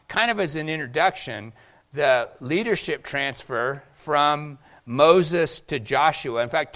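A man's voice: mid-range voice, a bit bright. Man preaching, quizzing his congregation. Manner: asks the congregation questions and pauses for answers; slows down to read scripture. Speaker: pastor. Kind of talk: sermon.

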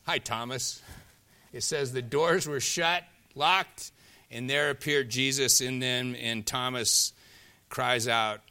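A male pastor preaching a sermon, retelling scripture stories with animated emphasis, swinging from loud, driving lines to soft, hushed ones. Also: mid-range voice, unhurried.

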